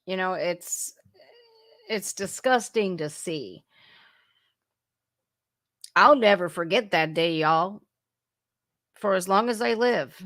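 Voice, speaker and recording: A woman's voice: fairly low pitch, animated, slow, long pauses, a bit bright, no room sound, studio quality. A woman in her forties hosting a casual political reaction livestream, blunt, profane and sarcastic. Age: 40s. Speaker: livestream host.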